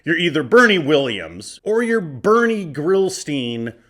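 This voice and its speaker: A man's voice: fairly high pitch, sing-song, a little slow, a bit bright. A man in his forties from Arizona hosting a podcast, riffing through a box of cards in a joking, profane, casual way. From Arizona, USA. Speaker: podcast host. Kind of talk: casual comedic card-opening commentary.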